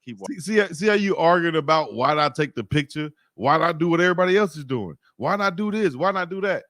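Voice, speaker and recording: A man's voice: a little high, animated, fast, a bit bright, no echo, clean studio sound. Insistent slangy man debating. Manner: insistent, slangy, repeats "dog". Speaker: host. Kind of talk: heated debate.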